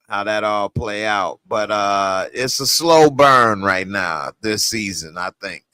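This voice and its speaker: A man reviewing a TV episode in casual, slangy reaction commentary, animated and laughing often. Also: medium pitch, no room sound.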